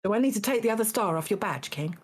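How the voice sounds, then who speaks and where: A woman hosting a live-streamed game show, halting and full of fillers, with dry teasing asides. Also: mid-range voice, animated, slightly rough. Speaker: game show host judging contestants.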